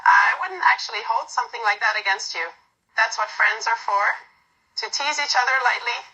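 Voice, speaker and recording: A woman's voice: fairly high pitch, lively intonation, moderate pace, bright, forceful tone, husky, highs cut off, heavily acted. A woman voicing a protective, playful female best friend who keeps calling the listener sweetheart, read from a fan role-play script. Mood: tender. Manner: affectionate teasing, calls everyone sweetheart.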